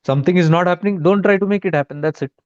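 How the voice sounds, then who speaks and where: Indian male spiritual teacher, fairly high voice, emphatic, repeats himself, dull lo-fi recording. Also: racing, a little mellow, clean tone. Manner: emphatic, repeats key points, mixes in Hindi words. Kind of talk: spiritual talk.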